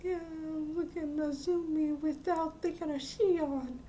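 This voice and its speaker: A flustered anime schoolgirl whines in a high, soft-edged voice, put on by a woman retelling the episode. She drags her words out slowly, sounding sorry for herself. The tone is mellow rather than bright. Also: steady tone, a little hiss or hum. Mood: whiny. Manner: whiny. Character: teenage schoolgirl, whiny and flustered.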